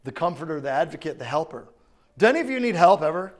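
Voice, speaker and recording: A man's voice: a little high, sing-song, fast. A man preaching a sermon in a conversational way, often asking the congregation whether they understand. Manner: conversational preaching, asks the crowd questions. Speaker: pastor.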